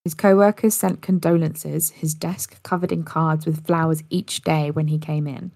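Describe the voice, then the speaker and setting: A woman with a low, gravelly voice narrates a story in a relaxed podcast manner, now and then tripping and restarting. The sound is dry and close, with no room around it. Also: normal speed, no echo. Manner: casual, occasional slips and restarts.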